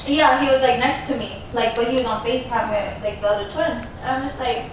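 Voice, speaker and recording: A woman's voice: fairly high pitch, fairly quick. Chatty young woman, roomy distant sound. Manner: animated, quotes people, mixes in Spanish phrases. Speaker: storyteller among friends. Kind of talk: casual storytelling. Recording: roomy, distant mic, background noise.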